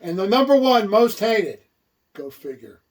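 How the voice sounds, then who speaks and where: A man's voice: high-pitched, sing-song, a little slow, recorded from a distance. A man co-hosting a wrestling talk show, teasing his partner with wisecracks and puns. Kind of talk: casual joking chat.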